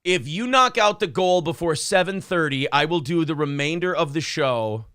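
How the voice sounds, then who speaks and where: A man's voice: a little high, lively intonation, normal speed, pushed and bright, clear, resonant tone, dry recording, clean studio sound. A man, hosting a show in casual chat, joking loosely and reading donor messages. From Minnesota. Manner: joking, loose, many fillers. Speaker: show host.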